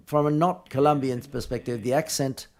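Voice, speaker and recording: Man, mid-pitched voice, press conference answers, halting, frequent restarts. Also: steady tone, a little mellow.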